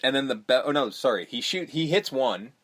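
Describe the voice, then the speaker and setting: Male podcast co-host, mid-pitched, casual recap with mimicked character lines. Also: animated, fairly bright tone, slightly rough. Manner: retells scenes with quick put-on character lines, swears, laughs. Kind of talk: casual movie recap chat.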